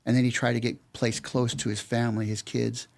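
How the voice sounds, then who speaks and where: An older man, a security veteran, tells a story as a podcast guest, plain-spoken and acting out both sides of past conversations in casual storytelling. His mid-range voice is level, brisk and creaky.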